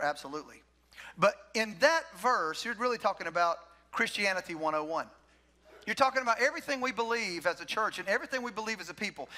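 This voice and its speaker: High, bright-voiced preacher man. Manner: emphatic, repeats key phrases, leads the congregation in call-and-response. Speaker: pastor. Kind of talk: sermon. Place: church sanctuary.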